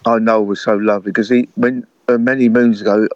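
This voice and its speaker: An older man, a musician, telling lively anecdotes in casual conversation and acting out other people's voices with laughter. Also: lowish voice, a little fast, dry recording, dull audio. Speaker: guest musician. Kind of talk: casual storytelling chat.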